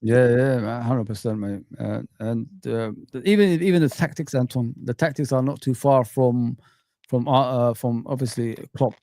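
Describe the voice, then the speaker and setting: A man's voice: medium pitch, normal speed, mellow, dry recording, clean studio sound. A man hosting a casual football chat, rambling with many restarts and fillers. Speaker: podcast host.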